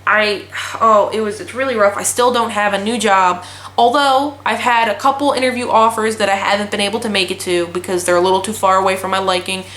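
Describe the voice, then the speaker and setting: A woman's voice: mid-range voice, fairly even intonation, fairly quick, a bit bright. A young woman in her twenties vlogging casually, telling a story in a blunt, profane ranting way. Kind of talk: casual chat. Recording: echoey room.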